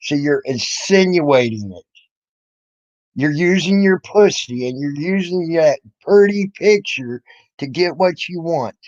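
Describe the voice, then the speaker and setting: A man's voice: a little high, animated, slow, a little mellow, dry recording. A man on YouTube ranting at other people, confrontational and mocking, swearing freely. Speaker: YouTube commentator. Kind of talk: angry profane rant. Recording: dull lo-fi recording.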